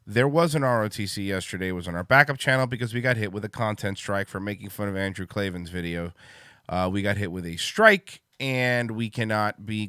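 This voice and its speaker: Excitable male stream host, loud casual chatter, cursing, dry mic. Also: on the low side, clear, resonant tone, no room sound. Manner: loud, excitable, swears freely. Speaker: livestream show host. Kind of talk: casual livestream chat.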